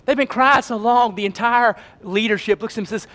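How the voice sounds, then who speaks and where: Male pastor, very high voice, sermon that swings from shouting to hushed, folksy humor. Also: fairly quick. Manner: swings between shouting and hushed near-whispers; folksy Southern phrasing, humorous asides.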